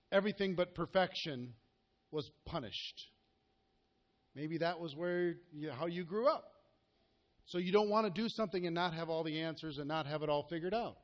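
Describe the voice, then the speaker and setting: A man with a high voice gives a live coaching talk to a group. He speaks earnestly and directly and keeps checking in with the room through questions. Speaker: network marketing coach.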